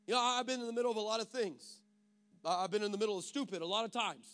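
A man's voice: high voice, racing, fairly bright tone. A pastor from Texas preaching a sermon, switching between self-mocking stories and a rising, emphatic preaching cadence.

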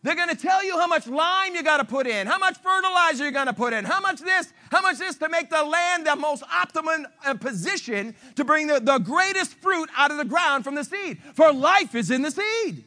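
A man preaching a sermon as pastor, animated and emphatic, teasing his listeners. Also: very high-pitched, a little fast, few pauses.

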